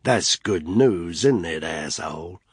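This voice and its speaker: A man reading an audiobook, voicing a ruthless male soldier who interrogates a captive with quiet, mocking menace. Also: low voice, lively intonation, slow pace, husky, dry recording, clean studio sound, exaggerated voice. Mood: menacing.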